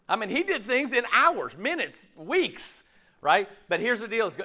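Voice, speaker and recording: A man's voice: extremely high pitch, huge pitch swings, takes it slowly, long pauses, bright, forceful tone. A pastor preaching a conversational sermon, acting out quoted voices as he goes.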